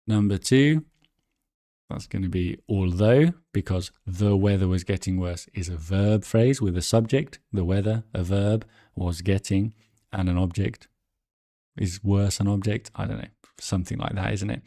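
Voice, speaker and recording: A man's voice: lowish voice, moderate pace, dark tone, no echo, clean studio sound. A man teaching English exam grammar, chatty, thinking aloud and correcting himself as he goes. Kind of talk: explaining exam answers.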